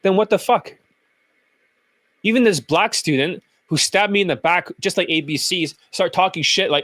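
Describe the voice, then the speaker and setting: A man's voice: high-pitched, animated, normal speed, a bit bright, no echo. A man hosting his own channel as a dating coach, giving blunt, profane, combative commentary over clips.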